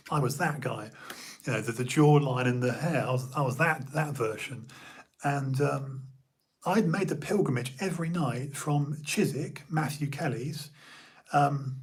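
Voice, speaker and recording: Husky rambling man. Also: medium pitch. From Bournemouth, England. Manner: rambling, full of fillers and restarts, reminiscing. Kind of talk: casual storytelling chat.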